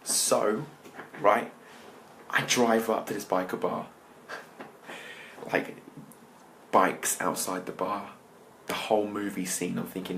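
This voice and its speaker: An English man, a motivational speaker, tells a lively personal story and talks to the listeners directly. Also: on the low side, takes it slowly, gravelly, pauses often, slight background noise. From England. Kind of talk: storytelling talk.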